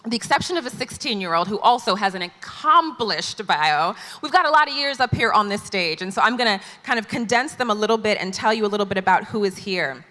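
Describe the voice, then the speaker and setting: A woman's voice: mid-range voice, animated, fairly quick, few pauses, bright, forceful tone. A woman moderating a conference panel, introducing the guests in a chatty, playful way. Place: large conference hall stage. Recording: long hall reverb.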